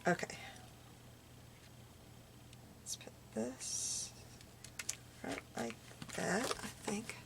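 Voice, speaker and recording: A woman's voice: medium pitch, very animated, very slow, vocal fry, long pauses, in a whisper. A woman chatting casually while she makes paper crafts, muttering little asides to herself as she works. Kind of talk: casual crafting tutorial chat.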